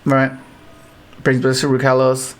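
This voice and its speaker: A man giving casual, rambling commentary on his own card game matches, with frequent restarts and excited outbursts. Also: medium pitch, a little slow. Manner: rambling, restarts often, animated exclamations.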